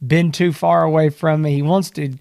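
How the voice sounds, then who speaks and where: A man's voice: on the high side, little pitch movement, normal speed, creaky, a little mellow, no room sound. Rambling, self-mocking man host, dry close mic. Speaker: show host. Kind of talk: casual podcast banter. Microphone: close desk microphone.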